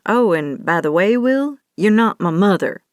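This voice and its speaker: A woman narrator puts on a blunt, stubborn dairy rancher in an audiobook. His words are dry and unhurried. The sound stays close and dry. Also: medium pitch, lively intonation, dry recording, close to an everyday voice.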